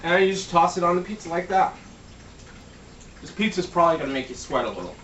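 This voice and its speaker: A man's voice: fairly high pitch, expressive, fast, a bit bright, a little hiss or hum. A man giving a casual cooking demo in his home kitchen, joking around and swearing freely. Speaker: home cook. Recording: echoey room, mic at a distance.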